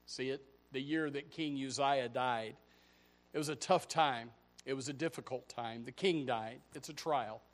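Male pastor delivering a sermon, mid-range pitch, rhetorical questions, hushed-to-shouted swings. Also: unhurried.

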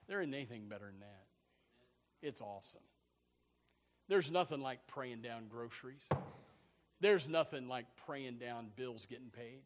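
A man preaching a sermon in an animated, stammering way, repeating words and acting out Bible characters. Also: a little high, normal speed. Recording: echoey hall.

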